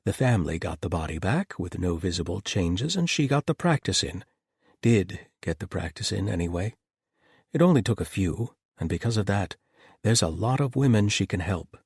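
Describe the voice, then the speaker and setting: A man's voice: sits low, sing-song, normal speed, darkish tone, breathy edge, no room sound, clean studio sound, heavily acted. A man voicing a blunt, exasperated male doctor who talks frankly and rants.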